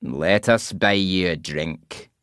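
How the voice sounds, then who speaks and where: A man voicing a leering, sleazy middle-aged man in a pub, with a nasal voice and slow oily come-ons. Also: sits low, a bit bright, clean tone, no room sound, clean studio sound.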